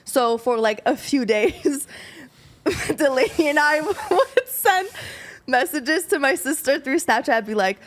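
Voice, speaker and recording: A woman's voice: high-pitched, animated, slow pace. Giggly young woman telling a story. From abroad, moved to the US at ten. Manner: laughs while talking, fillers like "like". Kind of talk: casual storytelling chat.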